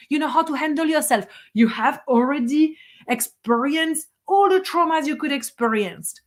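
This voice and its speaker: Fiery, blunt spiritual teacher woman. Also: high-pitched. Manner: blunt, fiery, swears, laughs between points. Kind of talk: emphatic motivational monologue.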